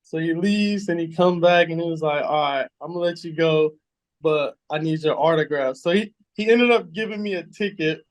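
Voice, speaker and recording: Relaxed man telling a story. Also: on the high side, normal speed. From San Francisco Bay Area. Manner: relaxed storyteller, repeats words, acts out quoted voices. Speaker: guest, former pro football player. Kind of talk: casual storytelling interview.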